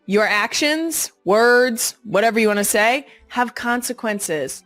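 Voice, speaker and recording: Woman podcast host, thirties, blunt, sassy, swears a lot, fairly high voice, dry close sound. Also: expressive, measured pace, few pauses, a bit bright, dry recording, soft background music. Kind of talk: casual monologue.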